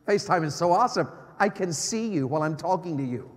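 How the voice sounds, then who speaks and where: A middle-aged man preaching a sermon as an evangelist, swinging from loud exclamations to hushed low tones. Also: animated, quick pace, few pauses. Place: church sanctuary. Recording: long church hall reverb.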